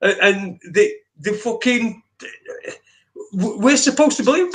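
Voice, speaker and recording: A man co-hosting a talk show, ranting in sweary, animated bursts with lots of restarts. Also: high-pitched, a little slow. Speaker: podcast co-host. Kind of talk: ranting opinion chat.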